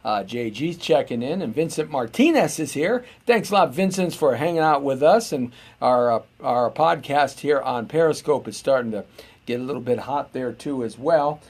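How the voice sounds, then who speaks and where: A middle-aged American man with a slightly husky voice hosts a live stream, his pitch swinging up and down as he talks. He rambles from thought to thought, full of "uh"s and little self-interruptions. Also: expressive, normal speed, darkish tone. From United States. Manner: meandering, chatty, frequent filler words and self-interruptions. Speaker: host.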